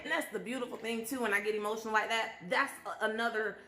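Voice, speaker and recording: A woman's voice: on the high side, steady tone, quick pace, sharp tone, reverberant. Emotional woman sharing her testimony live. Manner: emotional, testimony-style, talks to viewers directly. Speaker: live stream host and speaker. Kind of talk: casual motivational live stream talk.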